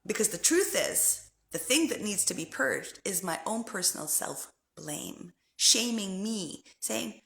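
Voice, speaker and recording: A woman speaking as a spiritual life coach in a heartfelt, conversational monologue, often repeating phrases and sometimes dropping to a soft, hushed tone. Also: mid-range voice, animated, a little slow, creaky, hardly any pauses, reverberant.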